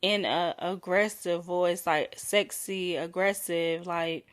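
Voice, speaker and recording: A young adult woman hosting her own podcast, talking frankly and playfully in a solo chat, drawing out and softening her voice on intimate words. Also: lowish voice, fairly even intonation, slow, smooth. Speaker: podcast host.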